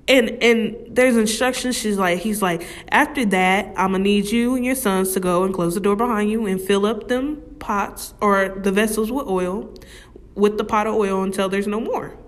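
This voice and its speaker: A woman giving a casual Bible study, reading scripture slowly and talking it through, often asking "right?". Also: mid-range voice. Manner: slow, conversational, often asks "right?"; reads scripture slowly and deliberately. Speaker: Bible teacher.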